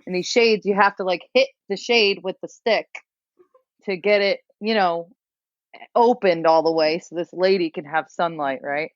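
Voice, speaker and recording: A woman's voice: fairly low pitch, normal speed, no echo, muffled recording. A young woman, a podcast guest, telling a rambling self-mocking story and laughing often. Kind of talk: casual storytelling.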